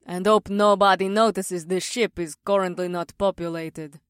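A man's voice: sits high, steady tone, normal speed, a bit bright, smooth, no room sound, clean studio sound, voice pushed up. A man voicing a practical, golden-scaled female warrior in an audiobook, matter-of-fact in his delivery. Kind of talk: audiobook character voice.

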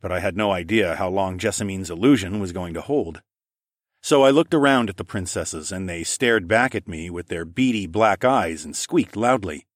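A man narrating a first-person story in a steady, even reading voice. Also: low-pitched, moderate pace, no echo, clean studio sound.

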